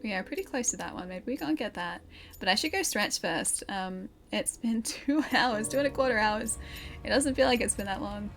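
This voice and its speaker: A woman's voice: medium pitch, moderate pace, a bit bright. A young woman streaming a game from home, chatting and laughing as she answers viewer chat. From Australia. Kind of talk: casual live-stream chat while playing. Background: game music clearly audible.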